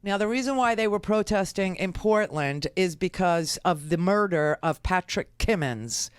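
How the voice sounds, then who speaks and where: A woman's voice: on the low side, expressive, moderate pace, clear, resonant tone, dry recording. A middle-aged woman hosting a political talk radio show, delivering an indignant, exasperated monologue with many fillers and restarts. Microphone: studio microphone.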